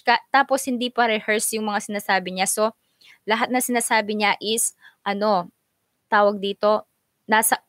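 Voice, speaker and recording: A woman's voice: medium pitch, fairly bright tone, no room sound. A woman hosting a casual live stream, bubbly, reading out and greeting viewers by name.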